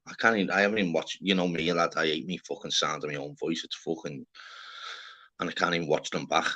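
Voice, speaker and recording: A young man with a Liverpool accent, hosting a casual livestream with loud, swearing banter. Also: very deep voice, steady tone, quick pace, highs cut off. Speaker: livestream host.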